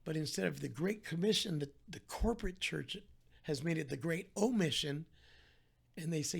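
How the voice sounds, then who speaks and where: A man's voice: fairly high pitch, moderate pace, creaky, breathy edge. A man talking as a podcast guest, telling his story in an earnest, heartfelt way with frequent restarts. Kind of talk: candid conversational storytelling.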